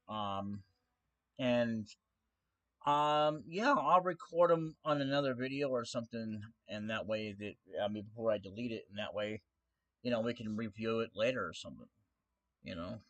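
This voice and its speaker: A man's voice: medium pitch, normal speed, dull audio. A man ranting on his own stream in a casual way, sarcastic, defiant and mocking.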